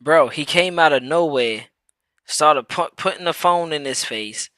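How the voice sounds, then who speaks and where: A man talking on a casual live stream, his voice bright and forceful. He speaks in slang and circles back over his words as he works toward a point. The sound is dry and close, with no room echo. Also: a little high, a little slow. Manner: repeats words while building a point, slangy. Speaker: podcast co-host.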